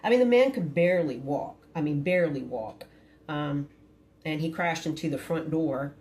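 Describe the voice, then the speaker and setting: A woman's voice: low-pitched, moderate pace, darkish tone, slight background noise. A middle-aged woman, frankly telling a personal story to her phone camera with many hesitant fillers. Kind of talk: candid storytime monologue.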